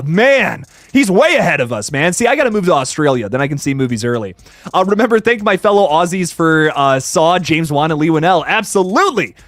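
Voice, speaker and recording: A young man hosting a casual live stream, chatting excitedly with viewers and greeting them by name. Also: high-pitched, dry recording. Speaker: livestream host reviewing films.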